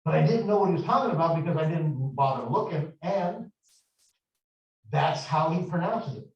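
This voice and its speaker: A middle-aged man lectures a math class in a slightly high voice, slow and deliberate, with chatty digressions between points. He sounds far from the mic in a strongly echoing room. The recording is dull and muffled. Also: lively intonation. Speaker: math instructor. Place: large echoey classroom.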